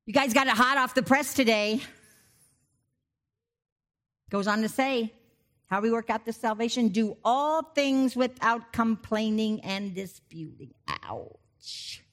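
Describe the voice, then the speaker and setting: A middle-aged woman giving a conversational sermon, breaking off into animated asides and personal stories before returning to the text. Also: a little high, takes it slowly. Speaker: preacher.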